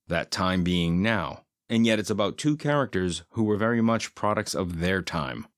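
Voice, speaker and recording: A man with a low voice delivers a scripted film review, full of deadpan, sardonic asides. He slows down to hammer home his key points. The sound is dry and close, with no room around it. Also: no room sound.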